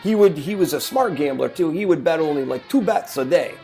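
A man's voice: on the high side, lively intonation, brisk, warm tone, faint music behind. A man telling a rambling story in casual chat, with many restarts as he goes. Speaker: podcast co-host.

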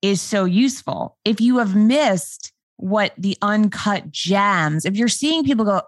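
A woman from New York hosting a podcast, talking casually and animatedly with a New York accent and vocal fry, laughing often. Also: on the high side, no echo. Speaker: podcast host.

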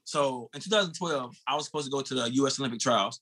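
Husky and fast, with a mid-range voice, a former sprinter from the United States in his thirties describes a race. His casual, animated telling includes swearing and calling the host bro.

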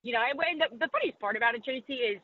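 Talking very fast in a high-pitched voice with lively intonation, a woman sports reporter is candid and self-deprecating in a podcast interview. She quotes people in put-on voices, and the sound is phone quality.

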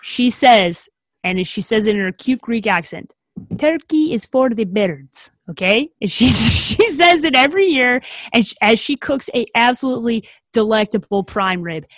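A woman co-hosts a podcast, speaking a little higher than most. She talks emphatically and with animation, making blunt declarations. The sound is dry and close. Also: lively intonation, moderate pace, fairly bright tone, no room sound. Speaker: podcast co-host. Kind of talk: casual podcast chat.

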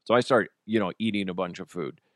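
A man hosting a solo podcast, telling stories in a lively way and laughing often. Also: low-pitched, quick pace, no echo, studio quality. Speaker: podcast host.

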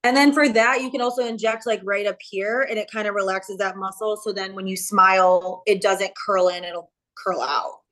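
Guest injector, woman, mid pitch, easygoing explainer, lots of "like". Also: moderate pace, hardly any pauses, fairly bright tone. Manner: explanatory, hedging, with frequent fillers. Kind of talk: casual podcast chat.

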